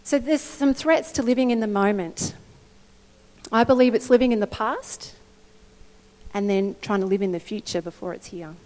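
A middle-aged woman preaching a sermon in an animated, conversational way, often checking in with her listeners. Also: mid-range voice, normal speed. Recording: long hall reverb.

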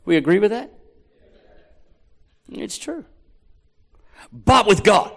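A man's voice: high voice, big pitch swings, slow pace, vocal fry, fairly bright tone. A man with an Australian accent preaching a rousing, jokey sermon as a pastor, recorded in a large hall. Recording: echoey hall.

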